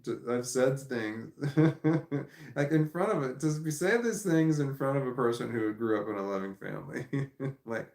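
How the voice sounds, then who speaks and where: A man with a gravelly, creaky voice chats casually on a livestream, reading out comments and wandering between thoughts. He laughs often as he talks. The sound is echoey, as if he is in a bare room. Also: mid-range voice, expressive, moderate pace, a little mellow. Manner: rambling, laughs often, reads comments aloud. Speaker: livestream host reading chat.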